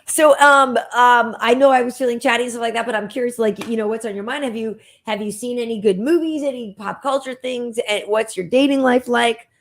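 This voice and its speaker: A woman hosting a casual podcast, chatty and animated, often slipping into mock quotes. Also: a little high, brisk, hardly any pauses. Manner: chatty, animated, full of "like" and mock-quoting voices. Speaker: podcast host.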